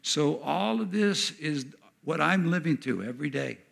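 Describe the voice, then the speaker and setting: A man delivers a sermon with a slightly higher-than-usual voice. He preaches in an animated way and acts out the speakers he quotes as he goes. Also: moderate pace, creaky. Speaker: pastor.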